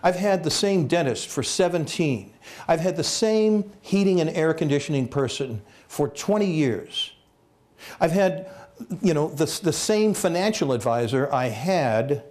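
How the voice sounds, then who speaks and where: A man giving a comic storytelling talk as guest speaker at a college, animated and jokey, acting out voices. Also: medium pitch. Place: lecture hall at a college.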